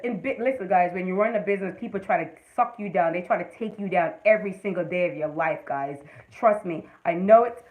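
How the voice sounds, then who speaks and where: A woman's voice: lowish voice, fairly quick, few pauses, narrow, tinny audio. A woman hosting a casual livestream, giving motivational advice and greeting viewers by name. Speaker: livestream host.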